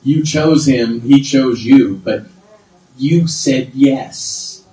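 A middle-aged man preaching a sermon, swinging between low asides and loud, high exclamations. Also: drawn-out words. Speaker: pastor. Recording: roomy sound from far off.

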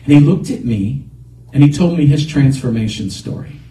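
A man pastor preaching a sermon in a church, animated, often calling out praise. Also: medium pitch, moderate pace, reverberant, distant mic, rough recording. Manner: animated, repeats exhortations.

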